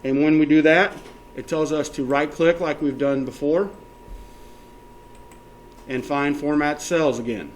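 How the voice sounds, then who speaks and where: A man's voice: on the high side, fairly even intonation, unhurried, long pauses, a little hiss or hum. Male teacher walking a class through steps. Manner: checks in often with the class, counts options aloud. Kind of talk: classroom software tutorial.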